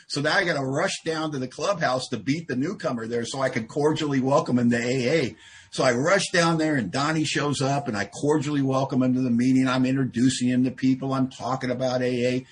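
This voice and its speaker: A man giving a humorous share at a recovery meeting, an animated storyteller who acts out dialogue. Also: medium pitch, fast talker, slightly rough. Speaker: AA speaker.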